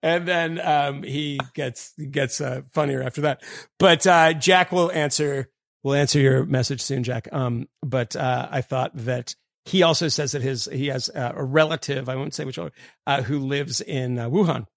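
A man co-hosting a podcast, reading a listener's email aloud in a rambling way with lots of fillers and quick laughs. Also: medium pitch, vocal fry, no echo, studio quality. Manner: rambling, many fillers, laughs mid-sentence. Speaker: podcast co-host.

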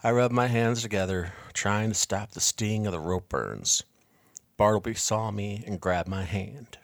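A man reading a first-person story aloud in a measured, quiet, reflective way. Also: lowish voice, lively intonation, vocal fry, dry recording, studio quality. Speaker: narrator.

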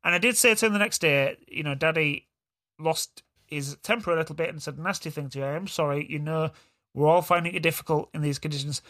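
A man's voice: fairly high pitch, fast talker, pushed and bright. A middle-aged man, co-hosting a podcast, who chats bluntly, swears and tells stories about his kids. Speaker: podcast co-host. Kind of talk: casual banter.

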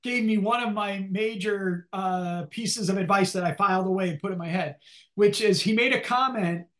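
An older male economics professor, speaking in a relaxed, rambling way as an interview guest, with many restarts and fillers. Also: high-pitched, normal speed. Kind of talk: conversational interview.

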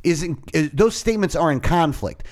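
A man's voice: on the high side, normal speed. A man co-hosting a podcast, talking politics in a casual, profane, ranting way. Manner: animated, profane, rants. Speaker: podcast co-host.

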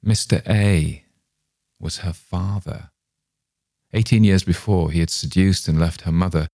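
A man's voice: sits low, measured pace, mellow, dry recording, clean studio sound. A man voicing a grim male storyteller who recounts a horror with ghoulish relish.

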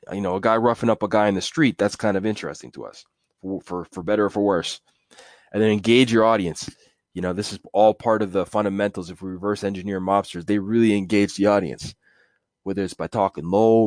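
A man's voice: low voice, dry recording, studio quality. A man hosting a casual solo podcast, rambling and correcting himself as he talks. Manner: rambling, self-correcting, with chuckles. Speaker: podcast host.

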